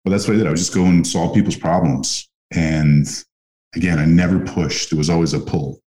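A man from Canada speaks with a very low, deep voice. He is a podcast guest, telling animated stories in a relaxed chat and often restarting mid-sentence. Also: a little fast. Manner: animated anecdotes with frequent restarts. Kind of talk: casual storytelling chat.

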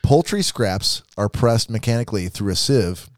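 A man's voice: on the low side, lively intonation, moderate pace, dry recording. A man co-hosting a podcast, reading out facts in a dry, jokey way. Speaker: podcast co-host. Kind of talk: reading facts in casual chat.

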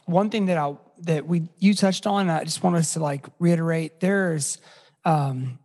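Husky co-host, hesitant, reverberant sound. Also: mid-range voice, unhurried, a little mellow. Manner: hesitant, lots of restarts and fillers. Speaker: podcast co-host. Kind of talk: casual parenting podcast chat.

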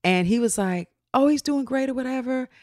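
A woman's voice: sits high, a little fast, no room sound, clean studio sound. A woman co-hosting a casual gossip chat, telling stories with sarcastic asides. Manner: animated storyteller, sarcastic asides.

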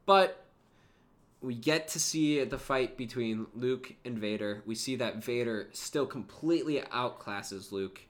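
A man co-hosting a casual fan podcast, his voice bright and forward. He talks with eager enthusiasm, breaking into lines from the scenes as he retells them. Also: medium pitch, a little slow. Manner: enthusiastic, acts out quotes from scenes. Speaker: podcast co-host.

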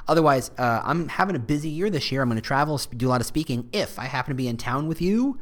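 A man hosting a solo podcast, talking straight to his listeners in a casual, animated way with jokey asides. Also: mid-range voice, quick pace. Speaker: podcast host.

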